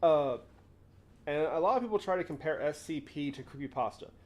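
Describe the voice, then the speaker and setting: A man's voice: fairly high pitch, lively intonation, a little fast, darkish tone. A young man hosting a casual livestream, rambling and often interrupting himself to answer chat. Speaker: livestream host.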